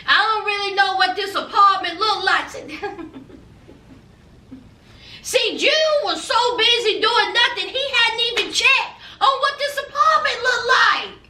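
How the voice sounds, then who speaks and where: A woman's voice: extremely high pitch, takes it slowly, reverberant, far from the mic. A woman, recapping a reality show in a sassy, chatty way, calling listeners honey and child. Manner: sassy and animated, calls viewers honey and child, acts out quotes.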